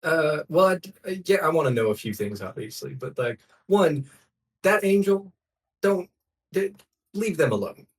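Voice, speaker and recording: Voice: mid-range voice, animated, normal speed, far from the mic. A player speaking in character in a tabletop game, stammering and restarting often. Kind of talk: casual in-character tabletop play.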